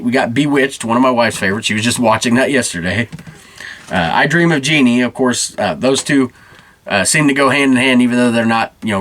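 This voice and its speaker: A man's voice: medium pitch, fairly bright tone. A man in his thirties hosting a podcast, rambling through a casual nostalgic monologue with lots of fillers and restarts. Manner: chatty, rambling, with many fillers. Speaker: podcast host.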